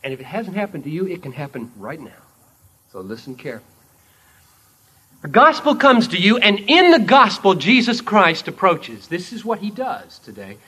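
Dramatic, animated male preacher. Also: high voice, normal speed, breathy edge. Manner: dramatic storytelling, swinging from loud to hushed. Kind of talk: sermon.

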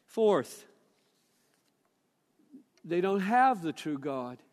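An older man preaching a sermon, emphatic and deliberate, quoting scripture at length. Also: high-pitched, sing-song, a little mellow, big-room sound.

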